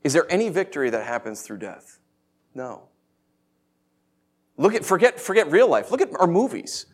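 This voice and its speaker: A man preaching a sermon in an animated, conversational way, full of rhetorical questions. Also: fairly high pitch, normal speed, slightly rough.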